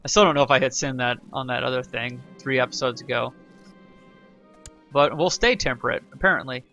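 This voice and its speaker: A man's voice: mid-range voice, brisk, pushed and bright, highs cut off, faint music behind. A man hosting a casual let's play tutorial, rambling and self-correcting as he reads the game's event text aloud. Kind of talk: casual gameplay tutorial commentary.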